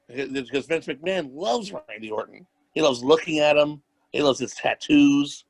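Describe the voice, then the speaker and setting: Gravelly, husky-voiced man joking on a podcast. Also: mid-range voice, lively intonation, normal speed. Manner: joking and teasing. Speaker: podcast co-host. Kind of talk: casual wrestling podcast chat.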